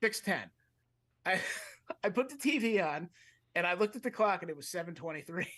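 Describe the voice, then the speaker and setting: A high-pitched, bright, forceful male voice speaks expressively at normal speed. He's an adult co-host of a comedy podcast, engaged to a fiance, casually rambling through a long story and often cutting off mid-sentence with laughter.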